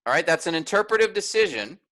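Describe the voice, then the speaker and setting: A man's voice: on the high side, sing-song, quick pace, sharp tone, poor audio. A man teaching a workshop, explaining step by step and often checking in with "all right?".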